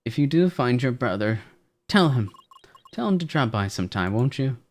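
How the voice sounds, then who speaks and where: A man voicing a kindly old grandmother with a tender, gentle manner while playing through a game. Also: mid-range voice, big pitch swings, moderate pace, pitched above the performer's own voice. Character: kindly old grandmother who raises the hero.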